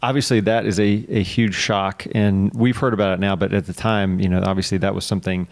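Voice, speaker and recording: A man hosts a podcast and interviews his guest in a relaxed, conversational way. He is friendly and laughs easily, and he sometimes hesitates as he shapes his questions. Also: lowish voice, a little fast. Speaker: podcast host. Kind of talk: casual interview talk.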